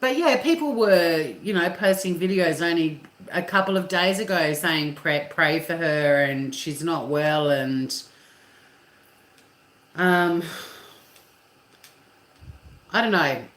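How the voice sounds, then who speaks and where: Low-voiced Australian woman chatting. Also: a little slow, roomy sound. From Tasmania, Australia. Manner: chatty, laughs often, swears casually. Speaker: livestream host. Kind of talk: casual chat reading viewer comments. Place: home kitchen.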